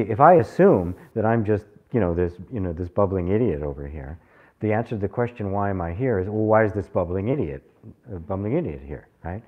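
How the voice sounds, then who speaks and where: A man teaching a spiritual group, animated and laughing often as he acts out people's questions. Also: fairly low pitch, breathy edge, dull audio. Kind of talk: satsang talk to a live group.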